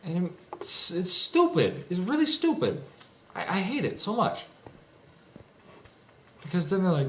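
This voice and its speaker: A young male streamer with a high, fairly bright, very animated voice speaks at a measured pace with long pauses. He's ranting in an agitated, profane way, rambling and frequently restarting, in an echoey home room where faint typing and background noise can be heard.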